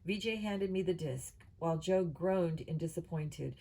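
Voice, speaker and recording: A woman reading a children's novel aloud at a steady pace, with small slips and restarts. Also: on the low side, moderate pace, low-quality recording. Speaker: audiobook reader.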